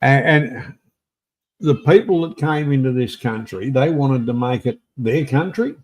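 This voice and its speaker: A man in his sixties with an Australian accent hosts a casual livestream chat over a video call, rambling and swearing with many restarts. His mid-range, slightly mellow voice moves a little slowly.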